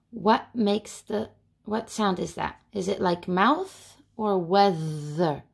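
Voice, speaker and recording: A woman teaching a phonics lesson to young children, repeating each word slowly and asking lively questions. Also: mid-range voice, vocal fry, breathy edge.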